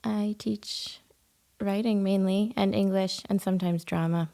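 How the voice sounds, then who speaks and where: A woman with a Canadian accent, a poet and festival volunteer guest, speaking softly and thoughtfully in a casual podcast chat. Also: mid-range voice, fairly even intonation, a little slow, creaky. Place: small room in a historic house.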